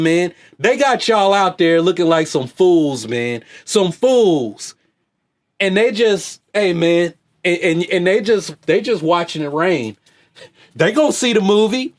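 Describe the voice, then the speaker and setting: Man, high-pitched voice, slangy off-the-cuff rant, repeats "hey, man". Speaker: vlogger and fitness coach.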